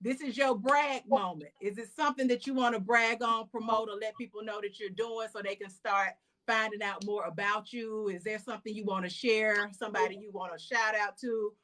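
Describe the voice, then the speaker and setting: A young woman hosting a casual interview show in a chatty, animated way, acting out little quotes as she tells stories. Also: mid-range voice, fairly quick, few pauses. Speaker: host.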